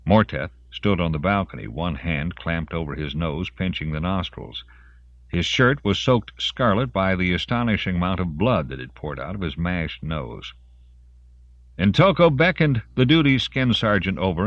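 A man narrating an audiobook in a very deep voice that moves expressively through a wide range of pitch. The recording is dry and a little dull, without much room sound. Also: no room sound. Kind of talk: scripted narration.

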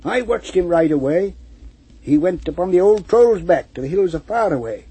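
A nosy male villager from a storybook poem, smug and tattling, pitched up and loud, voiced by a man. The tone is husky and mellow. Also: animated, normal speed, heavily acted, rough recording.

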